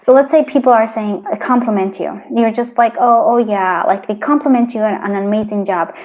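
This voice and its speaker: A woman giving a pick-a-card tarot reading, talking in a gentle, encouraging way, rambling with many fillers and restarts. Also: on the high side, brisk, lo-fi sound. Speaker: tarot reader.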